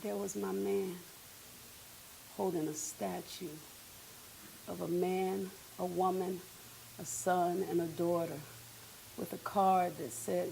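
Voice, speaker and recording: A woman performing a theatrical one-woman stage monologue, emotional and swinging from hushed lines to shouted ones. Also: medium pitch, slow, gravelly, long pauses, slight background noise.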